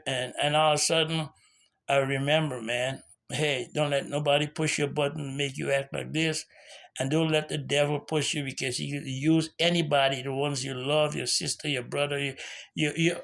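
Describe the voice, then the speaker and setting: A man's voice: a little high, vocal fry, a bit bright. A man telling a personal story as a sermon, in an earnest, conversational way with many restarts. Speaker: preacher giving a testimony. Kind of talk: sermon-style personal testimony.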